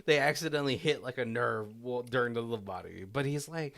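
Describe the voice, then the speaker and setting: A man co-hosting a relaxed film commentary podcast. His voice sits in an ordinary middle pitch. He rambles through the plot and slips into quoted lines from the characters, laughing along the way. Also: fast, gravelly. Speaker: podcast co-host. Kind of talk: casual movie commentary chat.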